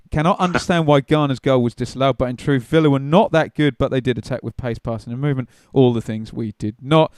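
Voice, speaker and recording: A man co-hosting a casual football podcast, telling stories in a chatty, animated way. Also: medium pitch, smooth, no room sound, studio quality. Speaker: podcast co-host.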